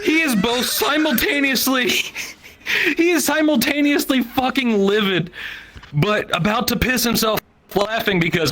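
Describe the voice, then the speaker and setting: Bright-voiced profane stand-up man. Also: high-pitched, normal speed, slight background noise. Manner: profane, animated, swings between voices for quoted people. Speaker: stand-up comedian. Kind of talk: stand-up storytelling. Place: comedy talent show stage.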